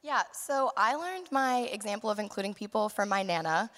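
A young woman in her late teens, a high school senior, telling a story in a chatty way, filling with "like.". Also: expressive, normal speed, fairly bright tone. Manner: chatty, fills with "like". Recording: echoey hall.

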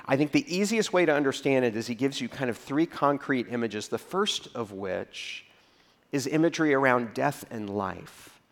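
A man preaching a sermon as a pastor, telling stories in a conversational way and dropping to a low voice to act out reactions. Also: expressive, moderate pace.

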